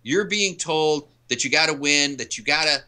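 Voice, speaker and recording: A man's voice: fairly high pitch, moderate pace, bright, forceful tone. A man talking as an interview guest, an author and coach who tells stories earnestly and emphatically. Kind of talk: casual interview conversation.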